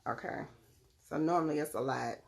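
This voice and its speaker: A woman's voice: deep voice, fairly quick, vocal fry, darkish tone. A young woman hosting a casual live stream from home on her phone, chatting with viewers by name as she demonstrates her products. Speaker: live-stream host selling crystals and readings.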